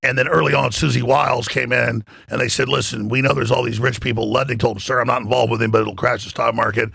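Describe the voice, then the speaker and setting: A man talking as a podcast guest, animated and emphatic, swearing freely and acting out what others said. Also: mid-range voice, fast talker, dry recording. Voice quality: gravelly, husky. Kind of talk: excited podcast talk. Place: in Florida.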